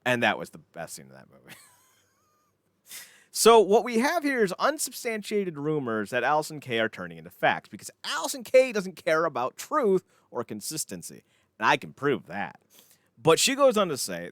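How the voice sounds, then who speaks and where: A man co-hosting a casual wrestling podcast, ranting in an animated, sarcastic way with frequent swearing. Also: on the high side, normal speed, dry recording, studio quality. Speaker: podcast co-host.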